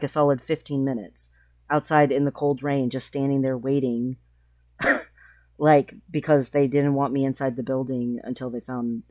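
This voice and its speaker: A woman's voice: extremely low pitch, darkish tone, no room sound. Emotional trans woman vlogger, dry close mic. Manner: emotional, halting, many restarts. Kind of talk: personal vlog storytelling.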